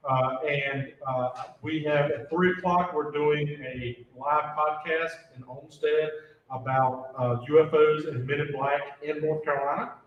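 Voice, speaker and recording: A man with a drawl tells a story on a convention panel. His voice sits fairly high and carries a lot of bounce. He sounds like he is some distance from the mic, in a very echoey room with faint background noise. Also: muffled recording. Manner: lively, rambling storyteller with many fillers.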